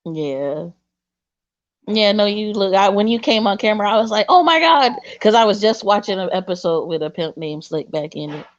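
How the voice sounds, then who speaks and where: Animated woman on a dull, dry line. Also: mid-range voice, moderate pace, no echo. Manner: animated, laughs often, trails off and restarts. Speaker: co-host. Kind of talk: casual livestream chat. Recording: dull lo-fi sound.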